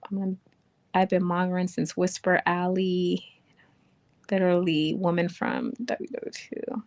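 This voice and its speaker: A woman's voice: lowish voice, little pitch movement, a little slow, a little mellow, no room sound. A young woman hosting a casual livestream from home, chatting and reading viewer comments aloud. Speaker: livestream host. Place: home room. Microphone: webcam or phone mic.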